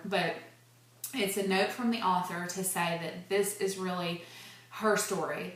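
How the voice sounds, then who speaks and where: A woman talking casually and earnestly about a book she loves, with many fillers and restarts. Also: on the low side. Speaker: book reviewer. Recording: very echoey room.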